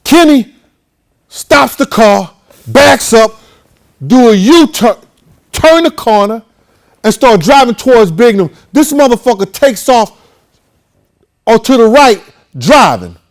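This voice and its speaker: Telling a lengthy story as a show host, this high-pitched man lets his voice rise and fall dramatically. He is very animated yet slow, with long pauses, chatting casually, swearing freely and voicing everyone else's lines.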